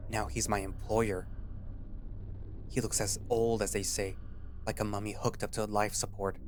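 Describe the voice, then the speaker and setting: A man's voice: lowish voice, a little hiss or hum. A man reading a story aloud in first-person narration. In his recaps between chapters he rambles loosely and fills gaps with fillers. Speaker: story reader.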